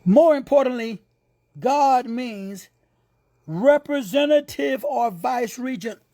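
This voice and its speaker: A man with a Texan accent preaching an informal sermon, playful and slangy, who drops into hushed whispers for asides. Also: very high voice, slow pace, dry recording. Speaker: preacher and teacher.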